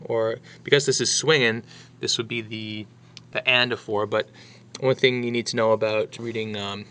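A man's voice: on the low side, normal speed, clear, resonant tone. A man teaching drums, talking casually through a sheet of music and counting beats aloud. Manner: relaxed and chatty, counting beats aloud, brief excited asides. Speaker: drum teacher.

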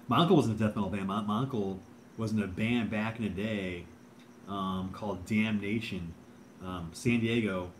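Laid-back male livestream host, lowish voice, faint crickets behind. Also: slight background noise. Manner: laid-back, rambling, says bro and dude a lot. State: drinking beer. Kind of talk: casual livestream chat.

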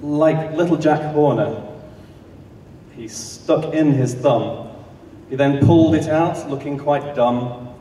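Mellow man narrating rhyming comic verse. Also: on the high side, slow pace, long pauses, a little hiss or hum. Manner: rhythmic storytelling in rhyme. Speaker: comic performer. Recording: echoey hall from a distance.

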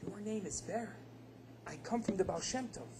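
A man's voice: sits high, moderate pace, warm tone, a little hiss or hum. A man voicing a wealthy, proud middle-aged man who speaks earnestly and a bit incredulously.

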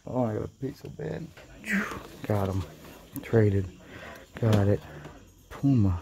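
A man who collects toys, giving casual running commentary with quick, blunt verdicts and casual swearing while shopping in a toy store. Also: lowish voice, vocal fry, crowd noise. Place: busy toy store, indoors. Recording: crowded store noise behind.

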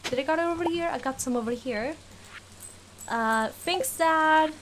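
Speaking at a measured pace, this let's play gamer has a high, fairly bright voice, with a little hiss or hum on the recording. The young woman keeps her commentary casual, giggling a lot, acting playfully fed up, and addressing the characters in the game.

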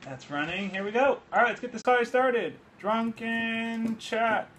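A high-pitched man with a bright, forceful voice rants excitedly on a phone livestream. He drinks beer as he talks, swears casually and keeps the chat loose. The talk is recorded in his home studio. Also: brisk, a little hiss or hum. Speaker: livestream host. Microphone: phone livestream app.

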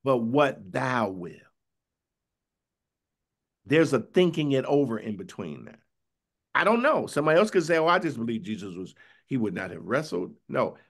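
A man's voice: medium pitch, sing-song. Man teaching a Bible study sermon. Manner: conversational, questioning, tag "right?" after points; reads scripture slowly and drawn out. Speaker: bishop preaching.

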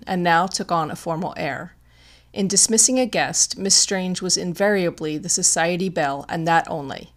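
A woman narrating an audiobook of a classic detective story in a measured, deliberate way. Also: on the low side. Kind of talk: scripted narration.

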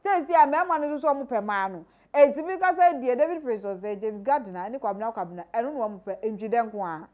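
Ghanaian woman doing gossip commentary, kinda high voice, goes loud then drops low all the time. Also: fast talker, few pauses. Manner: animated, swinging from loud exclamations to low asides. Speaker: celebrity gossip vlogger.

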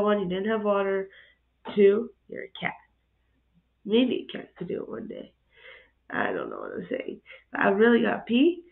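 A woman hosting a reaction video, cooing softly over cute animals and chatting casually, sometimes dropping to a whisper. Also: mid-range voice, wildly swooping pitch, measured pace, creaky, pauses often. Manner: soft-spoken, drops to whispers at times. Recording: tinny phone-like sound.

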